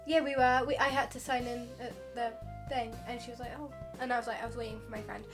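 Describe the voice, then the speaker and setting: A woman's voice: a little high, flat delivery, quick pace, music in the background. A teenage girl, co-hosting a casual chat podcast and rambling in a chatty, giggly way. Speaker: co-host.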